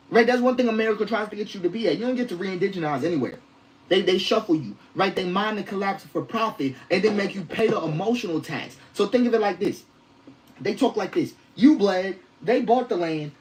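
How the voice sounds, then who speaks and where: A woman's voice: mid-range voice, slight background noise, poor audio. A woman delivering spoken-word style commentary, emphatic and rhythmic, repeating phrases for weight.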